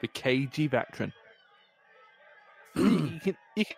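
Young guy, mid-pitched, dry teasing co-host on a chatty watchalong. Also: big pitch swings, slow, vocal fry. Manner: wry, teasing banter. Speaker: podcast co-host. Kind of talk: casual watchalong chat.

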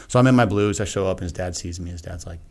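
A middle-aged man with a somewhat low voice tells a personal story as a podcast guest. He talks casually and frankly, with an earnest tone. He slips into quoting what he said back then. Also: fast, vocal fry, darkish tone. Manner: earnest, frank, acts out his own past remarks. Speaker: podcast guest, retired Navy SEAL.

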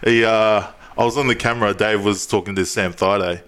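A young man chatting on a podcast with a lowish voice. He tells stories in a loose, rambling way and laughs a lot between lines. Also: fairly even intonation, fairly quick, fairly bright tone, smooth. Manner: laughs often, loose storytelling with fillers. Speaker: podcast co-host. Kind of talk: casual chat.

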